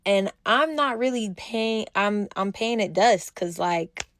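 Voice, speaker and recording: A young woman telling a storytime monologue in a blunt, animated way, acting out quotes. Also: medium pitch, slow, a little hiss or hum.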